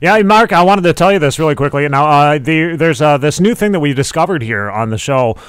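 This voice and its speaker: A man hosting a podcast from a small studio, jokey and lively as he plugs the show. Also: a little high, brisk, smooth. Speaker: podcast host. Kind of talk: casual chat.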